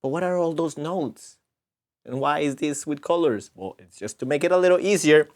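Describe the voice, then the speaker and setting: A man's voice: fairly high pitch, moderate pace, a little mellow. A man teaching a music lesson to children, patiently explaining and counting beats aloud.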